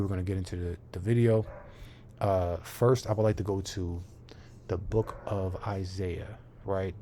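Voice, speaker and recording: A man's voice: on the low side, dark tone, slight background noise. A man teaching scripture online, reading verses aloud and often checking in with "right?" while restarting his phrases. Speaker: bible teacher.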